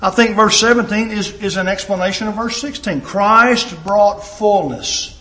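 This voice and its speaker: Man, preacher, sermon, emphatic, very high voice, echoey room. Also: unhurried. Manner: emphatic, dramatic swings in pitch and loudness.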